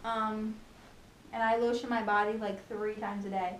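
A young woman in a casual home vlog, talking fast and chattily about her pregnancy, with lots of ums and likes. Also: mid-range voice, flat delivery, a little hiss or hum. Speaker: pregnancy vlogger. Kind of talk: casual chat.

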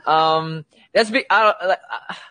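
A man's voice: on the high side, measured pace, bright, forceful tone. A man in casual chat, bashful and self-deprecating, giving short replies. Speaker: birthday guest of honor.

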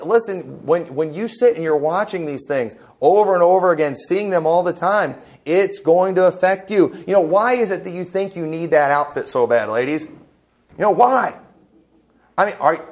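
A man preaching a sermon as pastor, emphatic and folksy, full of rhetorical questions, in a church. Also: sits high. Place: church sanctuary.

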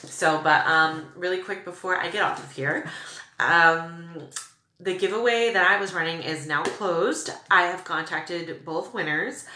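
A woman's voice: sits low, bright, forceful tone. A young woman vlogging as she unboxes beauty products, gushing and chatty with lots of fillers. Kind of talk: casual unboxing chat. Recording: echoey room with clear background noise.

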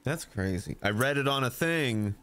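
A man's voice: mid-range voice, expressive, moderate pace, a bit bright. A man hosting a casual podcast, joking and teasing in loose banter. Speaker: podcast host.

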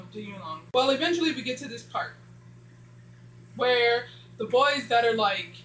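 A woman rambles through a casual recap of a TV series, filling gaps with "blah blah." Her voice is bright and forward. It was recorded in an echoey room with a faint hum behind. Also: a little high. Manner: rambling, says "blah blah" a lot. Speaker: show reviewer.

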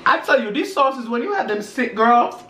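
A man's voice: very high-pitched, very animated, moderate pace, pushed and bright, echoey room, a little hiss or hum. Sassy man calling everyone honey. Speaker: mukbang co-host. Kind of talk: casual mukbang chat.

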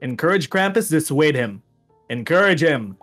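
Guy reading out game story text to his friends, dry jokey tone, slightly high voice, faint music under it. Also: lively intonation, normal speed, a bit bright. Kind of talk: let's play group chat, reading story aloud.

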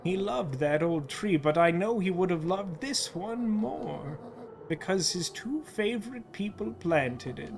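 A man voicing a soft-spoken, grieving mother in a game, speaking slowly and hushed. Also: high-pitched, expressive, creaky, background noise, full character voice. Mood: tender. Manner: slow and hushed.

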